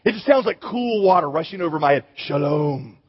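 A husky man with a high voice preaches a sermon in a lively, joking way, often turning to his listeners. His voice rings through a big hall with a long echo. The sound is dull and muffled. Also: fast. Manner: animated, joking, addresses the audience directly.

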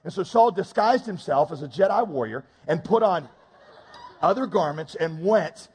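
A man preaching a sermon, reading scripture and adding quick comic asides. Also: on the high side, animated, a little mellow, husky, long reverb tail. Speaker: pastor.

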